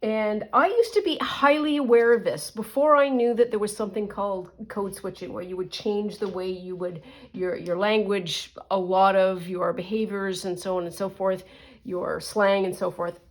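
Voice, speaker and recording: A middle-aged woman from Canada talks casually and at length, drifting into side stories and restarting her sentences. Her pitch sits at an ordinary middle height for a woman. She sounds relaxed and conversational, as if she is talking to viewers while working on her journal. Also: normal speed. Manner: rambling, chatty, with asides and restarts. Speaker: crafting vlogger. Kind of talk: casual storytelling while crafting.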